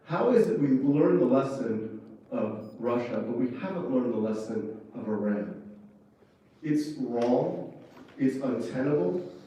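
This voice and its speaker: A man delivers a fired-up conference speech, pressing each point with fervent emphasis. His voice is mellow and dark. He is heard from a distance across a strongly echoing hall. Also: medium pitch, lively intonation, a little slow. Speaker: conference speaker, former ambassador. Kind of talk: impassioned public speech. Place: conference room. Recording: echoey hall from far off.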